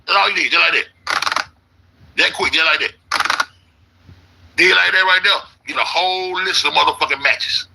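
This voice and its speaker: A man's voice: fairly high pitch, normal speed, gravelly, long pauses, background noise. A man ranting in a casual, profane, rambling way, repeating himself as an internet commentator. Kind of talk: casual conspiracy rant.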